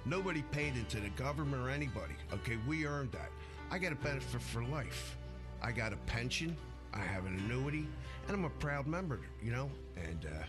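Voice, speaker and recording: An older man speaks with earnest pride about labor and his union, now and then tripping over a word. Music plays clearly beneath his voice, and his pitch sits in the middle range. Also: big pitch swings, fairly quick. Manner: earnest, proud, stumbling over words. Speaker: retired union member and author. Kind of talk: recorded interview clip. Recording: music underneath.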